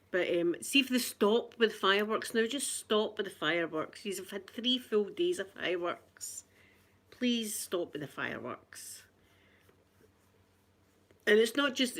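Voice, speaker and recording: Chatty Scottish grandmother on a livestream. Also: mid-range voice. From Scotland. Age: older. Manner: chatty, warm greetings to viewers, frequent laughter. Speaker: livestream host. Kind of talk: casual live chat with viewers.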